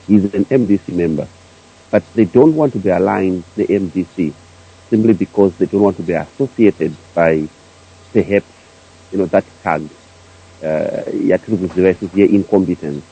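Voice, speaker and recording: Hesitant caller with a deep, gravelly voice. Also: male voice, moderate pace, mellow, poor audio. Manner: hesitant, many uhs and restarts. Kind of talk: phone-in commentary.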